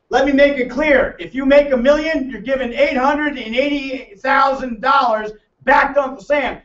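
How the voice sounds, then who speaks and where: Brash high-voiced man presenting. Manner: brash, joking, teasing the audience. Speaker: financial seminar presenter. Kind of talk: lively seminar talk to a room. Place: meeting room with an audience. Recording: roomy, distant, muffled room recording.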